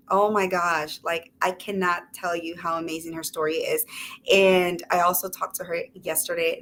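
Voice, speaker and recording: A woman's voice: fairly low pitch, fairly bright tone, a little hiss or hum. A woman hosting a casual online talk show, bubbly and effusive, full of fillers. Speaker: show host. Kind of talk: casual chat.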